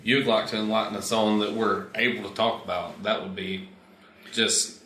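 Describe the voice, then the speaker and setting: A man's voice: fairly low pitch, flat delivery, normal speed, sharp tone. A man hosting a podcast interview, asking rambling, hesitant questions in a casual way. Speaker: podcast host. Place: convention hall. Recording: echoey convention hall with faint noise.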